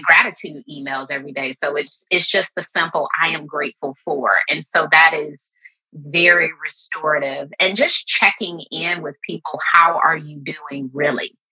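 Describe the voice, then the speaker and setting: A woman's voice: deep voice, pushed and bright, breathy edge, lo-fi sound. A middle-aged woman speaking as a podcast guest in an earnest, open, conversational way, with frequent "like" fillers. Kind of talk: reflective casual conversation.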